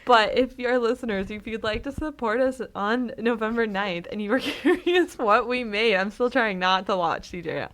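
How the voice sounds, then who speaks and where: A woman's voice: a little high, moderate pace, few pauses, fairly bright tone. Blunt, teasing woman podcast co-host. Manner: blunt, teasing, swears casually. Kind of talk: casual chat.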